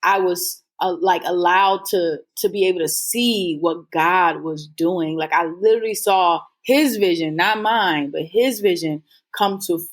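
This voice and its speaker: Woman guest rambling thru her story, earnest, kinda low voice, lots of ums. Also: unhurried. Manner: rambling, filler-heavy, earnest. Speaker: guest entrepreneur. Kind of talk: casual interview storytelling.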